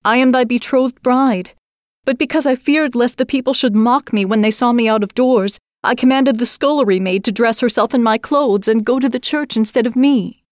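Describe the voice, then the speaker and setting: A woman voicing a haughty, deceitful young bride in a storybook reading, pitching her voice well up with a sharp, indignant, drawn-out delivery. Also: no echo, clean studio sound, lightly acted. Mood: pleading.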